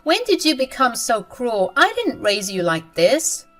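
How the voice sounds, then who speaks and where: A woman's voice: fairly high pitch, sing-song, a little slow, a bit bright, faint music behind, pitched above the performer's own voice, full character voice. A woman voicing a stern, disappointed middle-aged mother who scolds her daughter. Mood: scolding.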